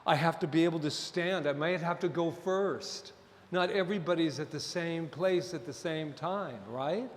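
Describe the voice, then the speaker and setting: A middle-aged man preaching a sermon as minister, impassioned and at times near shouting. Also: a little high, normal speed, slight background noise. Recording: long hall reverb.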